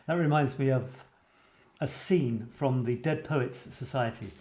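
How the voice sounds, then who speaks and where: A man's voice: mid-range voice, lively intonation, unhurried, dark tone. Male livestream host, chatty and enthusiastic, roomy echo on the voice. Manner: chatty, enthusiastic, reads comments aloud. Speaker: host of a live writing show. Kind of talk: casual live-stream chat. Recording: roomy echoey sound.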